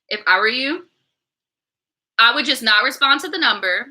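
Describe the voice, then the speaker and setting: A woman's voice: on the high side, expressive, normal speed, pauses often, pushed and bright, rough recording. A woman hosting a storytime channel, reacting to a viewer's story in blunt, slangy, profane casual chat. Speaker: storytime YouTuber reading viewer stories.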